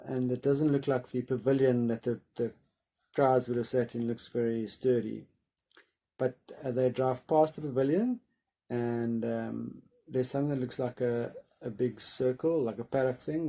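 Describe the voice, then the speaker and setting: Guy reading a kids' novel chapter, gravelly mellow voice, lots of ums when he summarizes. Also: medium pitch. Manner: hesitant summary with many filler pauses. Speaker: reader of a children's novel. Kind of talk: reading a book chapter aloud, then summarizing it informally.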